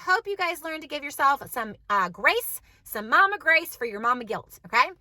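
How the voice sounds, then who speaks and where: A woman's voice: a little high, expressive, quick pace, few pauses, pushed and bright, dry recording. A woman in her thirties, a mom vlogger talking chattily and emphatically to her viewers from her car. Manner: bubbly, emphatic, conversational. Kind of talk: chatty vlog talk to camera.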